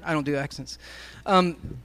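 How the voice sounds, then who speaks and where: A man's voice: fairly high pitch, steady tone, measured pace, a bit bright. A man speaking to a live congregation, telling a story in a sermon as he addresses the crowd directly.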